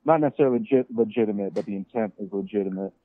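A man's voice: fairly low pitch, racing, no room sound. A man calling into a radio show, joking and rambling as he gets drunk. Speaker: caller. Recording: tinny phone line.

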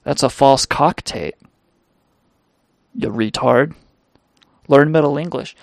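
Gravelly man telling crude rambling stories. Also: medium pitch, slow pace, dry recording, studio quality. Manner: rambling, crude, profane and self-mocking. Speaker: podcast host. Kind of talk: casual comedic storytelling monologue.

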